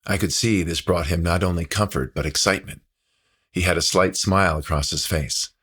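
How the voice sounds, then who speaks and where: Deep, husky man reading his memoir. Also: fairly even intonation, fairly quick, a bit bright. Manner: heartfelt, reflective storytelling. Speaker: author narrating his own memoir.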